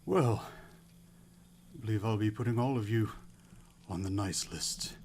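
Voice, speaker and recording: A man voicing a kindly old male holiday hero in a tabletop game, speaking gently to the party. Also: on the low side, a little slow, slight background noise, voice pushed down. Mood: grateful.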